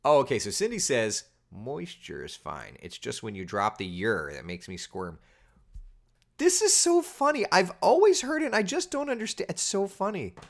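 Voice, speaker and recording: Animated man in his thirties, casual chat. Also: a little high, normal speed, creaky. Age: 30s. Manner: animated, exaggerated incredulous asides. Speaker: weather host. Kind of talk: casual livestream chat reading viewer comments.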